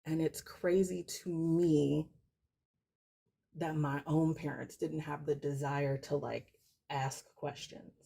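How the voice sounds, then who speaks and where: A middle-aged woman guest speaking reflectively in a casual live-stream chat, soft-spoken with many fillers. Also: low-pitched, fairly even intonation, slow, vocal fry, breathy edge.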